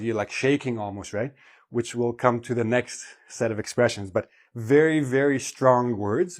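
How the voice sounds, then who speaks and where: Male English teacher, mid-pitched voice, patient explanatory delivery with frequent check-ins. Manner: explanatory, checks in with "okay?" and "right?". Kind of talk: vocabulary lesson.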